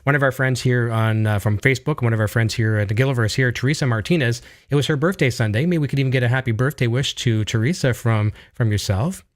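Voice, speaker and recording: A man's voice: mid-range voice, fast talker, hardly any pauses. A Canadian man with a Canadian accent hosting an interview, eager and rambling with lots of fillers. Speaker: show host. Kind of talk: casual video interview.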